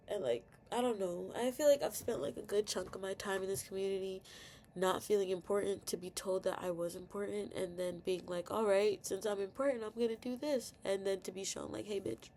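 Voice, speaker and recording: A woman's voice: mid-range voice, brisk, dark tone, slight background noise. A young woman venting candidly in a personal video rant, full of fillers and swearing, tearful at times. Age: young adult. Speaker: vlogger.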